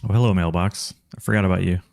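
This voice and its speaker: A man's voice: low voice, fairly even intonation, fast talker, gravelly, darkish tone, no echo, clean studio sound. A man with a Texan accent chatting casually through a game stream, talking to himself and his chat and laughing often. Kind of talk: casual gameplay commentary.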